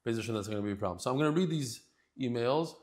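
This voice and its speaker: A man leading a daily Talmud class talks very fast in a mid-range, slightly mellow voice with lively intonation. The introduction feels relaxed, sincere and emotional, and it's full of restarts.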